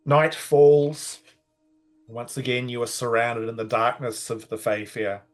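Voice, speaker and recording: A man's voice: mid-range voice, flat delivery, a little slow, faint music behind. A man acting as dungeon master, narrating and explaining rules with many restarts. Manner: hesitant, restarts with "like". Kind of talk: game master narration and rulings.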